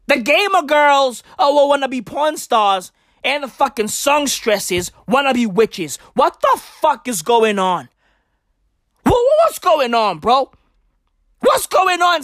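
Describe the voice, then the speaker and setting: A woman doing a comic rant, exasperated and profane, repeating herself and breaking into sudden shouts. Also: high voice, big pitch swings, measured pace, dry recording, studio quality. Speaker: ranting vlogger.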